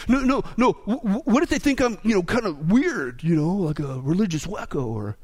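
A man's voice: high voice, big pitch swings, moderate pace, a little mellow, breathy edge, voice pushed down, heavily acted. A man voicing a nervous churchgoer who stammers anxiously through a string of excuses. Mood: fretful.

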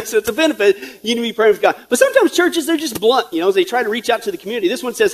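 High-voiced joking pastor, a man. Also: lively intonation, fast. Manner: joking, conversational, with rhetorical asides; grows emphatic and urgent. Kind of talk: sermon.

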